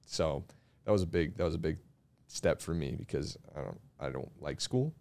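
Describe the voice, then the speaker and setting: A young man telling stories in a relaxed casual chat, laughing at himself now and then. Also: rumbling low, moderate pace. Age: young adult. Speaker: young real estate agent.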